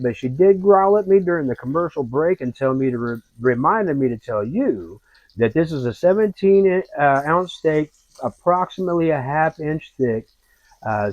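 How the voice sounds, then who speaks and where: A man hosting a home cooking video, narrating in a relaxed, folksy and rambling way. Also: fairly high pitch, dry recording. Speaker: cooking show host. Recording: dull lo-fi, dry.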